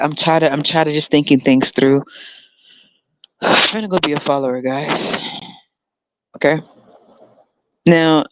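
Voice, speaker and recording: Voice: medium pitch, no echo, muffled recording. A podcast host giving a sarcastic, profane solo rant, often laughing.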